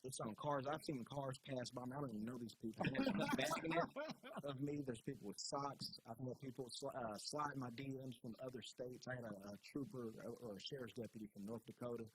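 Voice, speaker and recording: Kentucky-raised man telling an animated story. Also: medium pitch, quick pace, few pauses. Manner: lively, emotional storyteller who laughs often. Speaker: guest, police chief. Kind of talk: casual storytelling interview. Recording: noisy background hiss.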